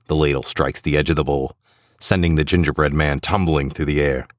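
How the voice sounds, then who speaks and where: A man narrating a storybook tale in a steady, even storytelling manner. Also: a bass voice, a little fast, no echo, clean studio sound.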